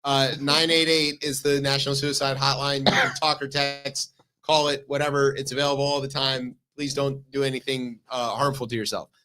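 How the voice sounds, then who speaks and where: A man co-hosting a radio talk show, telling news stories in an animated, joking way. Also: medium pitch, faint music behind, poor audio. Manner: animated storytelling, quick asides. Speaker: radio co-host. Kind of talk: casual comedic news chat.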